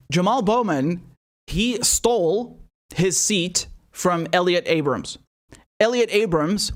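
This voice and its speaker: A man reacting to political clips with profane, incredulous and mocking commentary. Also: sits high. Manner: incredulous and mocking, swears often.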